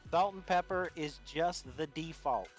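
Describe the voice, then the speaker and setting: A man's voice: fairly high pitch, a little slow, soft background music. A man from Louisiana with a light Cajun accent, a guest chatting bluntly on a livestream and swearing casually. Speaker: stream guest. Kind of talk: casual stream chat.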